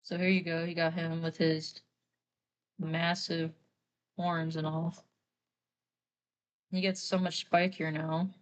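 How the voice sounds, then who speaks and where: A woman's voice: sits low, level tone, slow, pauses often, lo-fi sound. A young woman artist chatting casually while drawing on stream, rambling through a story with lots of fillers.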